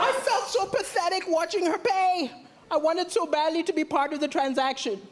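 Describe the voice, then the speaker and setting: Roaring audience laughter and applause fill this live stage recording, where a Malawian comedian works a big theatre crowd with punchy setups and dry punchlines. He speaks at normal speed in a very high voice against a noisy background.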